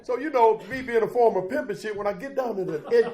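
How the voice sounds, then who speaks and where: High-voiced man giving raw, profane recovery testimony. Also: fast talker, dark tone. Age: middle-aged. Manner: profane, storytelling, calls out to the crowd with "Huh?". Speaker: guest speaker at a recovery conference.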